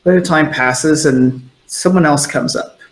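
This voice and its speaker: A man's voice: fairly high pitch, normal speed. A man narrating a tabletop role-playing game as game master, in a loose, descriptive storytelling way. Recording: echoey room.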